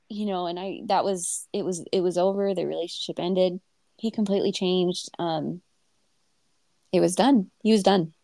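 A woman in her thirties hosts a podcast and tells a personal story, candid and emotional, full of fillers and restarts. Her voice is lowish, and the recording is dry with a clean studio sound.

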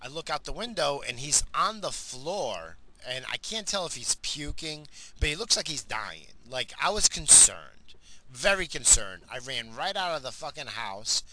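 A man's voice: mid-range voice, very animated, moderate pace, pushed and bright, poor audio. A middle-aged man telling a rambling, profane story about his family in a casual vlog. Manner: rambling, profane, lots of fillers. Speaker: vlogger, father.

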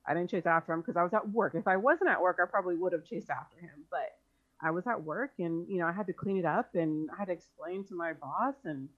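Woman guest on a podcast, lowish voice, hesitant, lots of ums, kinda muffled sound. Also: quick pace, fairly bright tone. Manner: hesitant, recounting, many fillers. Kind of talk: casual podcast conversation.

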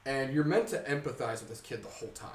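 A man's voice: medium pitch, fast talker, far from the mic. A young man in loose podcast conversation, recorded from a little way off the mic in a roomy space. He tells a story with lots of swearing and laughter, and his voice sits in the middle range. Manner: animated storyteller, heavy swearing, laughs often. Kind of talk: casual chat.

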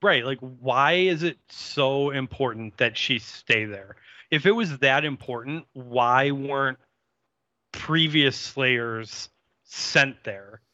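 A man's voice: mid-range voice, slow pace, pushed and bright, no room sound, highs cut off. A man co-hosting a podcast, talking through a TV episode in a casual, opinionated way and asking questions about the plot. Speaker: podcast co-host. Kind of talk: casual chat discussing a TV episode.

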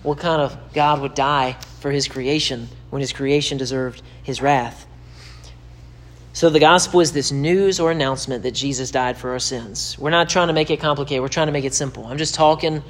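Speaking to camera, a pastor delivers a sermon-style teaching in a steady, mid-range voice at normal speed. He repeats himself emphatically, his pitch rising as he drives points home.

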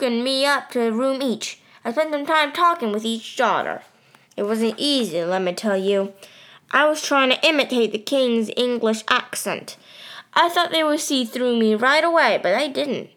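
A woman's voice: on the high side, fairly bright tone. A woman narrating a story in first person, telling it plainly and steadily.

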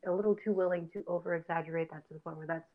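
A woman's voice: on the low side, steady tone, very fast. A woman co-hosting a casual podcast, talking in a rambling, opinionated way with lots of fillers. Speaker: podcast co-host. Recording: tinny phone-like line.

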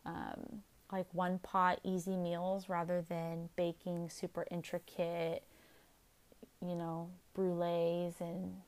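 A young adult woman chats alone on her podcast, rambling quickly from one thing to the next. She talks fast, pokes fun at herself, and keeps an easy, casual tone throughout. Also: on the low side. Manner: chatty, fast-talking, self-deprecating. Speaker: podcast host. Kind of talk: casual solo podcast chat.

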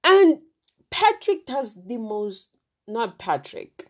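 A woman's voice: a little high, big pitch swings, slow. A woman from Africa, casually retelling a true crime story with many fillers and asides.

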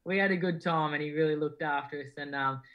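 A man's voice: on the high side, quick pace, low-quality recording. A young man from Australia with an Australian accent, answering interview questions in an easygoing way, full of yeahs and ums. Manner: easygoing, many yeahs and ums, flat delivery. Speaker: guest boxer.

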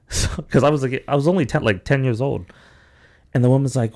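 Medium in pitch, moderate in pace and a little mellow, this young man hosts a podcast and rambles through a lengthy story. His telling is profane and packed with "like" fillers, with quoted voices performed aloud.

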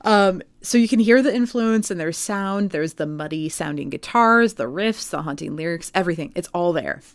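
A woman with a notably low voice tells a story on a podcast in a relaxed, chatty way, full of "like" and "um". The sound is close and dry, with no room around it. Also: moderate pace, no room sound. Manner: chatty storytelling with many fillers. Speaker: podcast co-host. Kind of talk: casual podcast chat.

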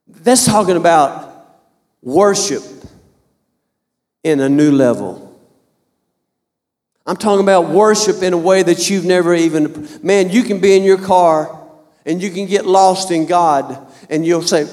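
A man's voice: high voice, measured pace, pauses often, darkish tone, long reverb tail. A man in his fifties preaching a fervent sermon, repeating and restarting phrases as he builds. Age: 50s.

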